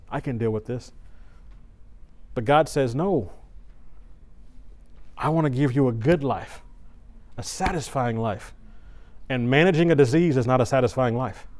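A middle-aged man preaching at a church service at an ordinary pitch. He tells a personal story in an animated, conversational way, often restarting his sentences.

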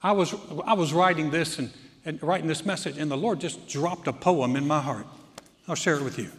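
A man, a pastor preaching a sermon, animated and repeating phrases for emphasis. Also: on the high side, brisk. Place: large church hall. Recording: reverberant hall.

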